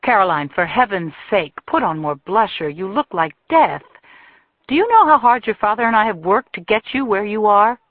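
A woman's voice: mid-range voice, expressive, brisk, no room sound, lightly acted. A woman narrator voicing a cold, demanding mother who scolds her grown violinist daughter, in an audiobook. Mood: scolding. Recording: thin phone-like dry sound.

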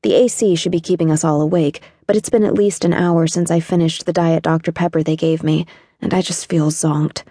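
A woman's voice: deep voice, steady tone, brisk, warm tone, breathy edge, dry recording, clean studio sound. A woman narrating an audiobook in the first person, in a wry, sardonic teenage voice.

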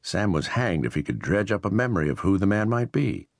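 Male audiobook narrator, very low voice, measured, steady, dry studio sound. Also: vocal fry, dry recording. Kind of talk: scripted narration of a historical novel.

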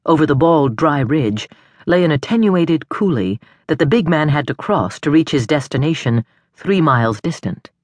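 A woman narrating a suspense audiobook in a measured, expressive storytelling manner, recorded on a studio microphone. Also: sits low, dry recording.

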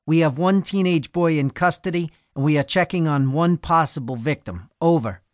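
A man voicing a firm, steady police officer in an audiobook, speaking in a commanding tone. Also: a little high, moderate pace, no room sound, studio quality, voice pushed up, close to an everyday voice.

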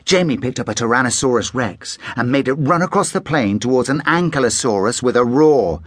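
Man reading a kids story, really lively voice, dry studio sound. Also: medium pitch, fairly quick, no room sound. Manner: animated storyteller. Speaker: audiobook narrator. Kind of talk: expressive children's story narration.

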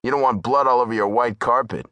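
A man's voice: mid-range voice, fast, fairly bright tone, no room sound, voice pushed up, close to an everyday voice. A man voicing a wiry, streetwise man who talks bluntly and coolly calculates his angle. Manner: blunt, matter-of-fact.

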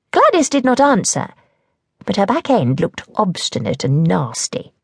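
A woman narrating a children's novel in an expressive, storytelling manner, recorded close on a studio mic. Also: mid-range voice, measured pace, breathy edge, dry recording. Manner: lively, expressive reading. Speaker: audiobook narrator.

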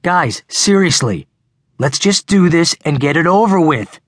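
A man's voice: on the high side, lively intonation, a little slow, no echo, clean studio sound, pitched above the performer's own voice. A man voicing an anxious peacemaking teen boy. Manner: strained, pleading. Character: anxious teenage boy trying to keep peace. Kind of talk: audiobook character voice.

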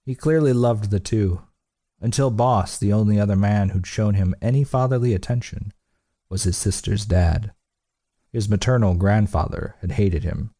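A man narrating an audiobook in a steady, blunt, profane delivery. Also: lowish voice. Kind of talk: scripted narration.

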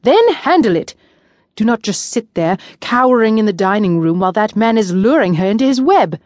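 A woman voicing an indignant young nobleman who presses his cousin in a forceful, urgent voice. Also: medium pitch, animated, normal speed, no room sound, clean studio sound, natural voice.

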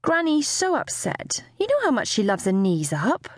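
A woman's voice: high voice, huge pitch swings, normal speed, no echo, studio quality, voice pushed up, full character voice. Woman doing a fretful worried mum. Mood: anxious. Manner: fretful, questioning. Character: anxious, bewildered middle-aged mother.

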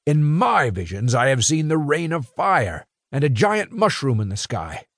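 A man doing a gruff werewolf chieftain. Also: fairly high pitch, sing-song, unhurried, fairly bright tone, dry recording, studio quality, voice pushed up, exaggerated voice. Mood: pleading. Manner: urgent pleading.

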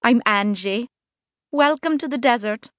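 A woman voicing a brash, chatty expat woman with a Liverpool accent in an audiobook, loud and cheeky. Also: fairly high pitch, a little slow, dry recording, studio quality, voice pushed up. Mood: breezy. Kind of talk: audiobook character voice.

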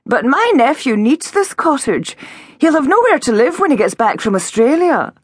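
Syrupy sweet landlady lady, a woman reading her in a storybook, polite but won't budge, bit husky. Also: mid-range voice, sing-song, a little fast, dry recording, studio quality, pitched above the performer's own voice. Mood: sugary, firm. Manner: polite and apologetic but firm. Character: large, vague, falsely sweet older landlady.

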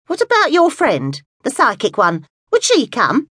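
A woman's voice: sits high, huge pitch swings, unhurried, fairly bright tone, slightly rough, no echo, clean studio sound, pitched above the performer's own voice, heavily acted. A woman voicing a querulous, pushy older woman on the phone, whiny and impatient, for an audiobook. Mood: wailing. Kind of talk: audiobook dialogue.

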